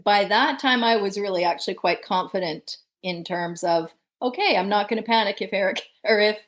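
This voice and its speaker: A woman guest telling a story in conversation, lively and laughing often. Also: mid-range voice, normal speed. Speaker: podcast guest.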